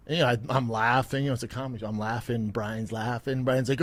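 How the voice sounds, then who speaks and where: A man's voice: mid-range voice, fairly even intonation, fast, few pauses. A man hosting a casual podcast chat, telling stories with quoted asides and readily agreeing. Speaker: podcast host.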